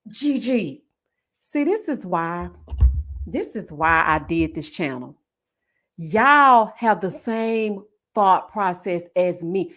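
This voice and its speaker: A woman hosting a casual live recap stream, reading viewer comments, sassy and quick to laugh, full of drawn-out "oh, honey" and "child" asides. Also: medium pitch, animated, fairly bright tone. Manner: southern US slang such as finna, y'all, child. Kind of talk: casual reality-TV recap chat.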